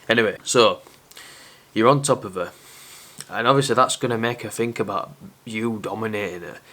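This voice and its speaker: A man's voice: lowish voice, pushed and bright. A young man talking casually to camera as a dating advice presenter, candid and self-aware.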